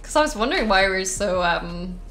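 A woman's voice: medium pitch, animated, brisk, fairly bright tone, soft background music. A young woman streaming a survival game with a friend, chatting casually, giggly and rambling. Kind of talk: casual gameplay chat.

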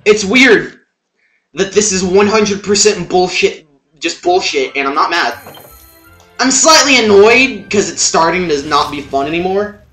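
A young man commentating his own gameplay, swearing, yelling and muttering at the game. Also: high-pitched, animated, a little slow, roomy sound, soft background music. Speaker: let's play gamer.

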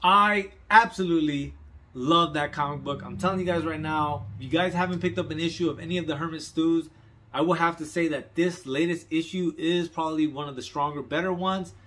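A man's voice: a little high, brisk, a bit bright. A man casually reviewing an underground comic book on video, talking with loose slang, plenty of swearing and open enthusiasm.

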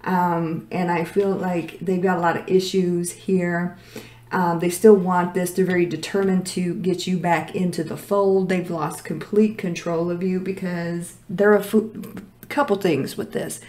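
A woman gives a casual tarot reading while losing her voice, so she sounds a bit hoarse. Her voice sits on the low side and she talks in a direct, blunt, emphatic way. The room around her is echoey. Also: level tone, measured pace, darkish tone. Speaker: tarot reader.

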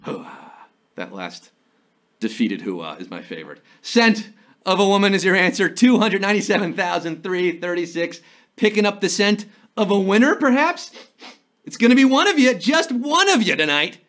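Animated, jokey male quiz host. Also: high voice, moderate pace. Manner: jokey, theatrical, playful asides and impressions. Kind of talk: live trivia game hosting.

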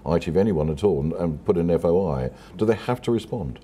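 A man hosting a chat show, leading the banter with quick jokes. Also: low-pitched, lively intonation, dark tone, slightly rough. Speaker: radio show host. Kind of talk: casual chat.

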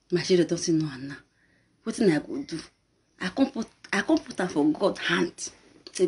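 A woman with a Nigerian Pidgin English accent hosts a talk show, sharing a personal story straight to camera with lots of animation and laughter. Her voice is fairly low and moves at a normal speed, with a faint hiss or hum in the background.

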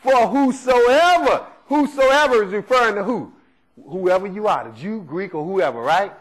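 A man's voice: high voice, lively intonation, normal speed, fairly bright tone, poor audio. A man preaching a sermon, emphatic and leaning on rhetorical questions to the congregation.

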